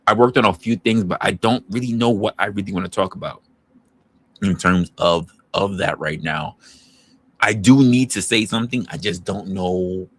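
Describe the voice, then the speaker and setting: A man with a notably low voice hosts a casual livestream. He talks straight to his chat in a loose, rambling way, often restarting a sentence to fix a word or chase a new thought. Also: normal speed, breathy edge. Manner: rambling, loose, self-correcting. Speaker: livestream host.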